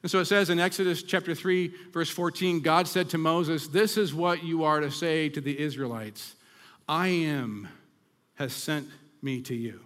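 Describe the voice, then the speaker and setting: Male pastor preaching, a little high-pitched, slows down for dramatic scripture lines; echoing hall. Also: steady tone, a bit bright. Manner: dramatic scripture reading with emphatic slowdowns. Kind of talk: sermon. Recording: long reverb of a hall.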